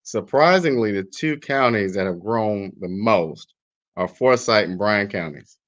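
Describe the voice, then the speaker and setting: A man as a talk show guest, speaking in a measured, hesitant way with many pauses. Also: fairly low pitch, lively intonation, a bit bright. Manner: measured, hesitant, lots of ums. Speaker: guest commentator. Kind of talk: casual talk show discussion. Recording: dull lo-fi line.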